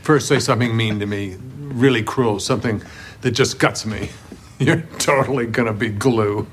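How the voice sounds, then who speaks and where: A man's voice: lowish voice, moderate pace, slight background noise, close to an everyday voice. An actor playing a goofy man trading playful schoolyard taunts. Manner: playful, bouncy. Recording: TV clip with music underneath.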